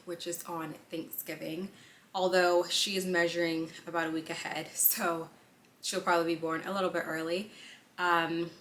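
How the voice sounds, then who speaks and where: A young woman chatting casually in a pregnancy update vlog, with lots of fillers and quick asides and a slightly breathless delivery. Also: fairly low pitch, sharp tone, a little hiss or hum. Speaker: vlogger. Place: indoors on a lunch break.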